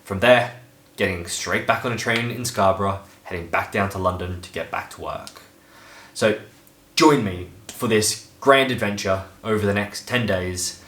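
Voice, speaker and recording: A man's voice: fairly low pitch, moderate pace, fairly bright tone, slight background noise. A man hiking and vlogging to a handheld camera outdoors on a coastal trail, chatty and upbeat, with frequent fillers. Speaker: hiker vlogger. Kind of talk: casual travel vlog.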